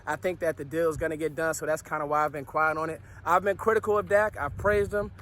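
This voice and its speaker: A man talking casually about football on his vlog, out of breath and sweaty after a workout, animated and full of slangy restarts. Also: fairly high pitch, fast, slight background noise. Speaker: sports vlogger.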